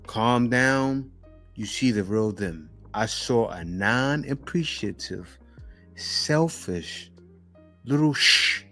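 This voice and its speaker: A man hosting a reaction video, commenting in a mocking, animated way and laughing between remarks. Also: medium pitch.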